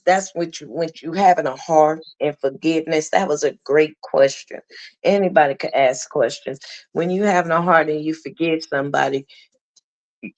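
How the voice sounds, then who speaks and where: A woman's voice: low voice, no echo. Reflective woman hosting a livestream. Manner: reflective, encouraging, asks viewers for likes. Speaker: livestream host. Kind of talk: casual livestream chat.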